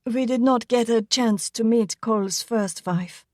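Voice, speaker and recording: A woman voicing a warm young pregnant German housewife who speaks soft, broken English with a German accent. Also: on the high side, a little slow, no room sound, clean studio sound, voice pushed up, natural voice. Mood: friendly.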